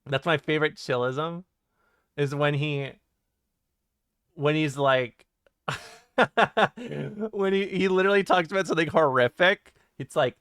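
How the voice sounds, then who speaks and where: A man streaming and reading chat aloud, joking, laughing and swearing in quick casual banter. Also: fairly high pitch, a bit bright, clean tone, no echo.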